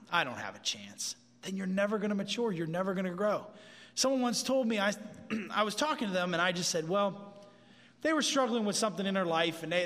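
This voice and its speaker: A man giving a casual, animated sermon as a pastor, often repeating himself as he goes. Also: high voice, long reverb tail.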